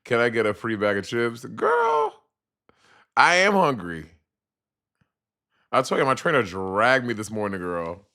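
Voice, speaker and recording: A man's voice: on the low side, normal speed. A man with a Caribbean accent chatting sassily to viewers on a casual live stream. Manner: sassy, animated, chatty with viewers.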